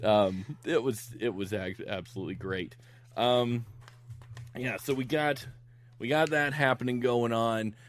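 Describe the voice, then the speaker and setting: A man's voice: medium pitch, fairly even intonation, measured pace. A middle-aged man recapping a movie on a podcast, laughing often and acting out the characters' lines as he goes. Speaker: podcast co-host recapping a film. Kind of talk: casual chat.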